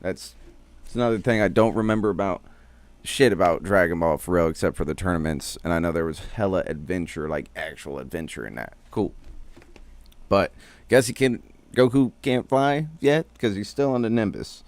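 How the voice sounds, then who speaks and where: Low-voiced man giving a slangy recap. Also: moderate pace, no echo. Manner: slangy, profane, rambling. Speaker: streamer. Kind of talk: casual episode recap.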